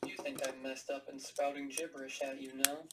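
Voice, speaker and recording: A haggard old man with a French accent, put on by a storyteller, speaking in a curt, low and secretive way in a flat, level tone. The voice sits back from the mic, with a steady hiss of noise behind it. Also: normal speed, far from the mic, natural voice. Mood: ominous. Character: shabby haggard older man, curt and ominous.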